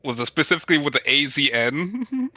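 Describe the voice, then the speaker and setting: A man's voice: on the high side, sing-song, fairly quick, bright, forceful tone, no room sound. A male player in a tabletop session, chatting in a laid-back, teasing way. The sound is dry and close. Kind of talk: casual chat.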